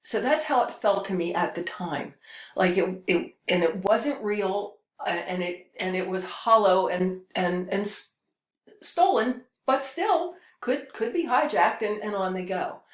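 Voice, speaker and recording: A woman's voice: mid-range voice, animated, a little slow. Woman spiritual host, mid-range voice, rambling delivery, reverberant room. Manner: rambling, with frequent restarts and hesitations. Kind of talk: casual spiritual monologue.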